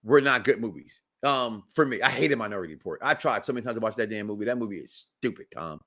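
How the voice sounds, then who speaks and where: Animated, joking man on a podcast. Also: lowish voice, quick pace. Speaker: co-host. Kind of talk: casual podcast chat.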